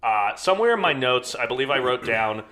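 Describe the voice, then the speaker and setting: A man's voice: mid-range voice, sing-song, brisk, sharp tone. A man co-hosting a film podcast in casual chat, thoughtful and hedging with plenty of filler words.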